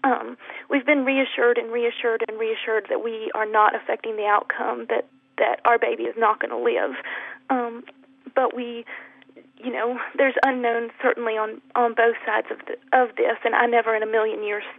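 A woman calling in to a radio show, speaking softly and haltingly with many pauses. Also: on the high side, little pitch movement, gravelly, no echo. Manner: soft, halting, many ums. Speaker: caller. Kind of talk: emotional phone-in call. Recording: tinny phone line.

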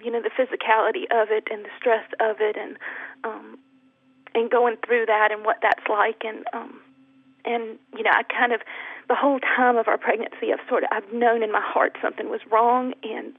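A woman calling in to a radio show, speaking softly and haltingly with many pauses. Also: a little high, level tone, slightly rough, dry recording. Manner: soft, halting, many ums. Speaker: caller. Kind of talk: emotional phone-in call. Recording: tinny phone line.

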